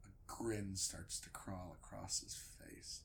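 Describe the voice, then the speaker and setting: A man retelling a story for comedy, swinging from loud outbursts to hushed asides. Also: deep voice, fairly even intonation, takes it slowly, gravelly.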